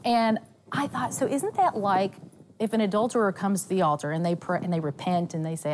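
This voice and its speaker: A woman's voice: medium pitch, normal speed, a little hiss or hum. A woman from Nashville with a Southern accent, a guest telling stories about faith and health. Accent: Southern American. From Nashville, USA. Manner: animated storytelling with quoted voices.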